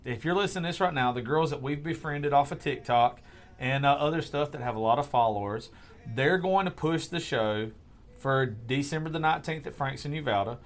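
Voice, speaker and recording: A man's voice: mid-range voice, fairly quick. A male podcast host in a casual chat, hyped and profane as he plugs upcoming shows.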